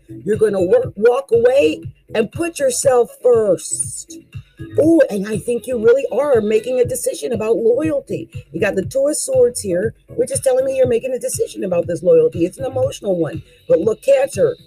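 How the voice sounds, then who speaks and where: A tarot reader talks through a casual card reading with lively, swooping pitch and plenty of exclamations. The delivery is folksy and coaching, aimed straight at the listener, with faint music underneath. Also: breathy edge, low-quality recording.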